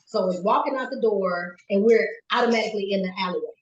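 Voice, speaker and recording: A woman guest telling a personal story in a goofy, animated way and acting out the quotes. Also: medium pitch, quick pace, lo-fi sound, slight background noise. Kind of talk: casual storytelling. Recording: roomy echo. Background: pet rabbit scratching cage.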